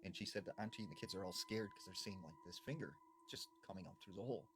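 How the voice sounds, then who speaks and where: Low-voiced guy telling a creepy story, hushed and dramatic, faint background hum. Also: wildly swooping pitch, fast. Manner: hushed, dramatic, lots of "you know". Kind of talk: spooky storytelling.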